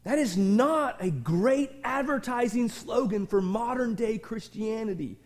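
A middle-aged man preaching a sermon with passion, swinging between shouted outbursts and hushed, intimate moments, often repeating words as he presses a point. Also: very high voice, sing-song, measured pace, hardly any pauses. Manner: repeats and restarts words in fervor. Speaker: pastor.

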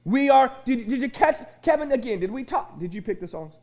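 A man preaching a sermon as pastor of a small church, folksy and rambling, with many restarts and shouted refrains. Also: very high voice, expressive, brisk.

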